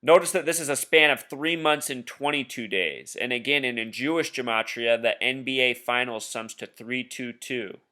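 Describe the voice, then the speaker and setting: A man's voice: mid-range voice, moderate pace, hardly any pauses, bright, forceful tone. A man talking casually over a screen share, insistently explaining his theories and addressing the viewer directly. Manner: insistent, conspiratorial; addresses viewer as "Truth Seeker". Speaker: video blogger.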